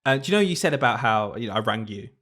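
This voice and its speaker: A young man telling a story in casual podcast chat, animated and laughing often. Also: medium pitch, fast talker. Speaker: podcast co-host, teacher.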